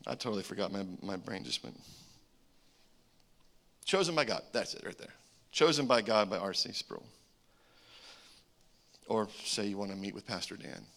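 A man preaching a sermon, animated, with joking asides and swings between loud calls and hushed remarks. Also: lowish voice, moderate pace, vocal fry, pauses often. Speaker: pastor.

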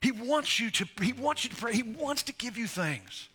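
A man with a very high, husky voice and big swings in pitch preaches a sermon as pastor at a normal speed, exhorting the congregation directly and quoting scripture. He is in a church sanctuary, and a band plays softly under his voice.

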